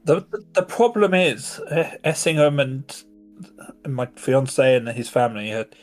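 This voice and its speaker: A man's voice: medium pitch, measured pace, faint music behind. A man narrating as game master and voicing a royal character, talking in a hesitant, rambling way.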